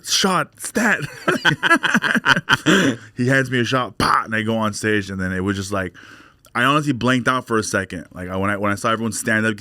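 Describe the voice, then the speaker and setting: A comedian in his forties from California, telling stories in a casual interview and acting out other people's lines. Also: no room sound. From Glendale, California. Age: 40s. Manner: animated storyteller, acts out quotes in higher voice. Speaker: stand-up comedian guest.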